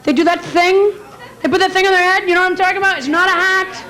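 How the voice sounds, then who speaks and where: A woman's voice: extremely high pitch, steady tone, fast talker, bright, forceful tone. A woman doing stand-up and emceeing on a club stage, chatting directly with the audience. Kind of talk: stand-up comedy set. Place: comedy club stage before a laughing audience. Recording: live club recording with crowd noise.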